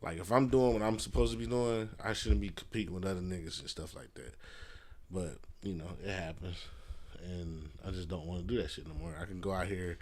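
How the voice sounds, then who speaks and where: A man's voice: sits low, steady tone, a little fast, a little mellow. A man hosting a casual solo podcast from a messy room at home, rambling loosely with fillers and swearing. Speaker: podcast host. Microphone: podcast mic.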